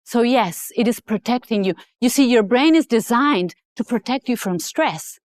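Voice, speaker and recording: A woman author giving a motivational talk, telling a personal story in an emphatic, animated way. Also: a little high, moderate pace, no echo, clean studio sound. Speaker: author and speaker.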